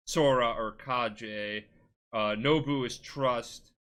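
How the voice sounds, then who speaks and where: A man's voice: fairly high pitch, animated, moderate pace, sharp tone. A tipsy man hosting a casual podcast, rambling, swearing and giggling as he retells a game plot. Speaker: podcast host.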